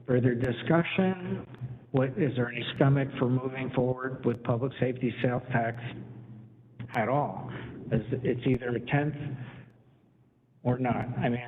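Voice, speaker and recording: Man, council chair, halting delivery, tinny phone-like sound, faint hiss. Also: medium pitch. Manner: halting, restarts sentences, polls members for votes. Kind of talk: public meeting discussion.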